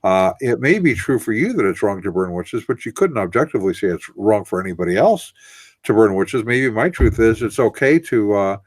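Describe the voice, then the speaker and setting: A man's voice: lowish voice, expressive, a little fast, dry recording. A man co-hosting a casual radio discussion, explaining in long, winding, earnest sentences. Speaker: co-host.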